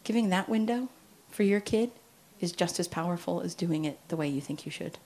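A woman's voice: fairly low pitch, animated, brisk, warm tone. A middle-aged woman from the United States giving a chatty, story-filled talk to parents at a church, acting out quotes as she goes.

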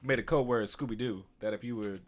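A man with an ordinary-pitched voice tells a story in a casual podcast chat. He rambles, backtracks and restarts his sentences. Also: quick pace. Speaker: podcast co-host.

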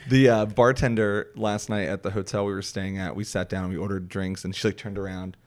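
A man from the Philadelphia area telling stories in casual chat, relaxed and full of fillers. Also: low-pitched, brisk.

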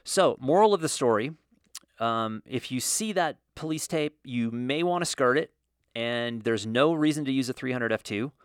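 A man's voice: medium pitch, expressive, normal speed, smooth, no echo, clean studio sound. A middle-aged man telling a casual, rambling, self-mocking story about his days as a photographer.

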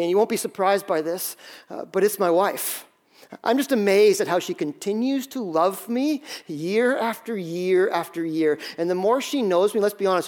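High-voiced pastor preaching conversationally. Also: male voice, darkish tone. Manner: conversational, self-deprecating storytelling with many restarts. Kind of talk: sermon.

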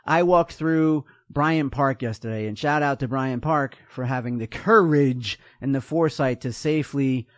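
A man hosting a podcast, talking in an animated, joking way and acting out little voices. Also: medium pitch, normal speed, few pauses, no echo, studio quality. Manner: animated, jokey, acts out voices. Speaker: podcast host. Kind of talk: casual chat.

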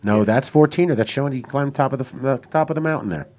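A man co-hosting a casual podcast, jokey and quick to laugh while reading sponsors. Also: medium pitch, a little mellow. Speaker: podcast co-host. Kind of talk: casual studio banter.

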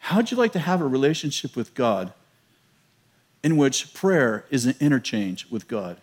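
A middle-aged American pastor preaching a sermon to a church, telling a story with laughter and self-mocking humor. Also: male voice, mid-range voice, very animated, moderate pace. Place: large church.

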